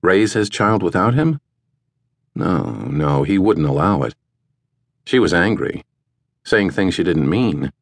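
A man narrating an audiobook in a measured, even way, recorded in a studio. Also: low voice, no room sound. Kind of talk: scripted narration.

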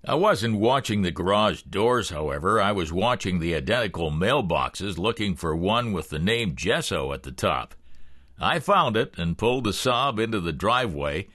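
Man reading a thriller audiobook, low voice but lots of pitch movement. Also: moderate pace, no room sound, studio quality. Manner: expressive, first-person storytelling. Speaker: audiobook narrator. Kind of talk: first-person thriller narration.

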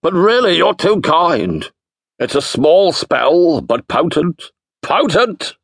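A deaf old wizard, as a male audiobook narrator puts him on, bellows every line as if shouting into a gale. His voice is pushed well above the reader's own low pitch and swings widely, with a husky edge. He sounds pleased with himself throughout. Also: sing-song, slow, dry recording, clean studio sound, exaggerated voice. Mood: indulgent. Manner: bellowing, self-satisfied. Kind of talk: audiobook character voice.

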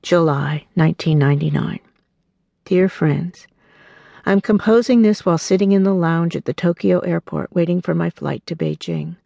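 A woman narrating her own memoir as an audiobook, telling the story in an earnest, warm way and voicing the people in it. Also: on the low side, big pitch swings, normal speed, creaky, no echo, highs cut off.

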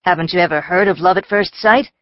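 A woman voicing an earnest, persuasive young male professor in his late twenties, a smooth talker, in an audiobook. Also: sits high, quick pace, no echo, lightly acted. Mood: earnest pleading. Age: late 20s. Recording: slightly dull audio.

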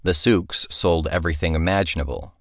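A man narrating a fantasy audiobook in a measured storytelling manner, recorded in a studio. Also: deep voice, dry recording.

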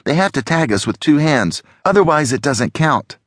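A male audiobook narrator voicing an alarmed young woman who shouts and hisses urgently. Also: big pitch swings, normal speed, no room sound, clean studio sound. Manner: high, urgent shouting and hissing.

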